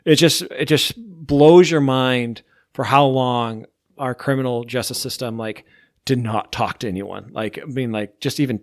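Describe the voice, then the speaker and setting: A man's voice: mid-range voice, a little slow, no room sound, studio quality. A man hosting a podcast, chatting casually and rambling through a ranking of TV shows, with lots of "like". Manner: rambling, heavy use of "like". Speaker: podcast host.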